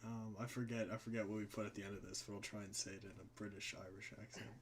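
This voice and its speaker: A man co-hosting a live stream in casual banter, tossing in playful, quick asides. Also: on the low side, flat delivery, slight background noise.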